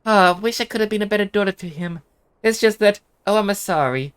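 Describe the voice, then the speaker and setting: A man with an Australian accent reading game dialogue as a soft-spoken, apologetic young village woman. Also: sits high, brisk, clear, resonant tone, pitched above the performer's own voice. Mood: polite.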